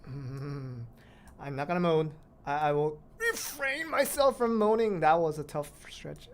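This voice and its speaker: A woman's voice: low-pitched, very animated, a little slow, slight background noise. A woman streaming a mobile game, chatting casually to viewers and exclaiming at near misses. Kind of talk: casual live-stream commentary while playing.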